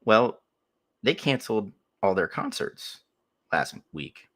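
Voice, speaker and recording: A man's voice: on the low side, big pitch swings, slow pace, a bit bright. A man co-hosting a podcast in casual chat, telling stories with a lot of swearing and laughter. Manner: profane, laughing storyteller. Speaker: podcast co-host.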